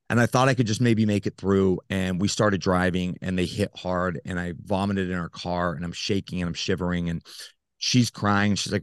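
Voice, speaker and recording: A man who is a podcast guest, telling a personal story in an earnest, halting way with many fillers. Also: sits low, steady tone, clean tone, dry recording, clean studio sound.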